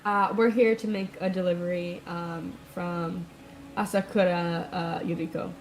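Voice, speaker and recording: A woman playing a tabletop game, unhurried and tentative. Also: fairly low pitch, fairly even intonation, poor audio. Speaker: player. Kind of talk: casual tabletop play.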